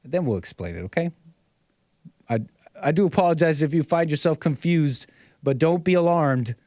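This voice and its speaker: A man's voice: a little high, animated, normal speed, dark tone, no echo, studio quality. A man hosting a call-in livestream show, talking casually in a rambling way, repeating phrases and chuckling often. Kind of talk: casual talk-show commentary.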